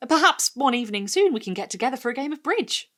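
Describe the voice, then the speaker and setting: A woman's voice: high-pitched, very animated, fast, fairly bright tone, voice pushed up. A woman voicing a timid suburban mother who is nervously polite and eager to agree.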